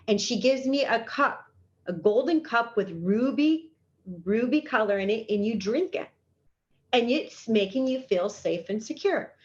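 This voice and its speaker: In a conversational interview, a guest healer speaks with enthusiasm, her voice on the high side and expressive at a normal speed. While explaining, she acts out little inner dialogues. The audio is dull and lo-fi.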